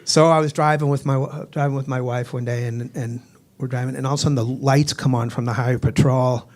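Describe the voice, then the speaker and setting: A man in his sixties from Boston, doing a chatty stand-up set with deadpan punchlines. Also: mid-range voice, fairly quick. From Boston, United States. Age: 60s. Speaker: stand-up comedian. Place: comedy stage.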